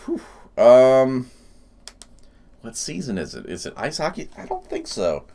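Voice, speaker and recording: Casual male gaming host, animated pitch, chatty and quick to laugh. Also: creaky, slight background noise. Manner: chatty, laughs often, thinks aloud. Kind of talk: casual gameplay commentary.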